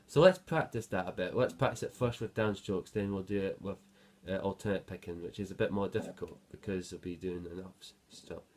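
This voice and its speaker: Over guitar playing in the background, a man gives a guitar lesson, counting beats out loud and explaining between passages with a few fillers. His deep, darkish voice moves fairly quickly with few pauses.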